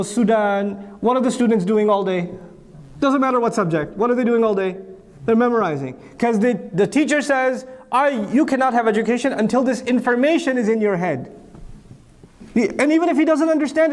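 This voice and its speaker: Animated high-voiced male lecturer. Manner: rhetorical questions answered by himself; animated, repetitive emphasis. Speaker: Islamic speaker.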